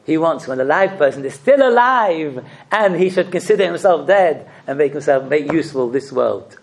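Gravelly man giving a sermon. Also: a little high, normal speed. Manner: rhetorical questions, expressive storytelling. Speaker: rabbi giving a talk.

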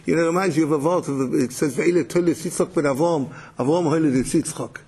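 A man's voice: fairly high pitch, racing, creaky, few pauses, warm tone, breathy edge. A man giving a Torah lecture, mixing Yiddish and Hebrew terms, often repeating words and restarting. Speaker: Torah teacher.

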